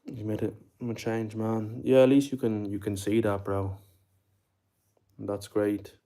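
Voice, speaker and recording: A man's voice: lowish voice, level tone, a little slow, mellow. A young Irish man chatting with his livestream viewers, swearing constantly and tagging his lines with bro and like. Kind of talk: casual chat with viewers.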